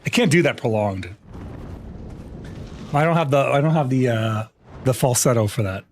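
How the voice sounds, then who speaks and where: A man's voice: medium pitch, lively intonation, moderate pace, a little hiss or hum. A man streaming live, chatting casually and joking playfully with his chat.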